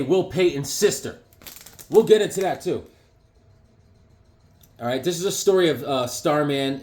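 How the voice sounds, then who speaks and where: A man casually reviewing comic books, excitable and chatty, breaking into silly voices now and then. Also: a little high.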